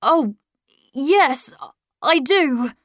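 A woman's voice: high voice, animated, very slow, fairly bright tone, no room sound, studio quality, pitched above the performer's own voice, full character voice. A woman reading a storybook and voicing a young boy who is brave but secretive, speaking earnestly. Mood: eager.

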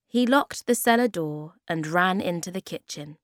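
A woman reading a children's storybook aloud in a slow, clear, expressive way. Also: on the low side, dry recording, clean studio sound.

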